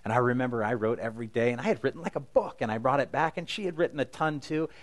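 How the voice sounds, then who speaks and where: A middle-aged man delivers a sermon in an earnest, conversational manner. His voice sits at an ordinary pitch, and he slips into paraphrased quotes as he talks. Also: fast talker. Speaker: pastor.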